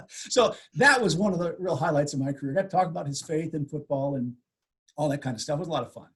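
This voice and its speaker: An older man with a slightly raised, husky voice tells anecdotes from decades on the air. He talks with animated energy and often jumps up in pitch when he quotes people. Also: quick pace. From USA. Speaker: radio host, guest. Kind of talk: storytelling interview.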